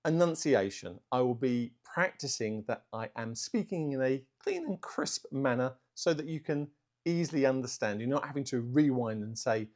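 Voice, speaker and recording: A man talking unscripted to camera for his art channel vlog. He speaks in a self-aware way and works on slow, deliberate delivery, though fillers still slip in. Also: mid-range voice, lively intonation, a little mellow. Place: indoors, room at home.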